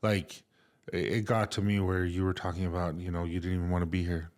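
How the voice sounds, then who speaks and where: A man's voice: sits low, flat delivery, a little mellow. A middle-aged man co-hosting a podcast, talking casually and emotionally with lots of fillers and restarts. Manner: halting, emotional, many fillers. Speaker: podcast co-host. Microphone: remote recording setup.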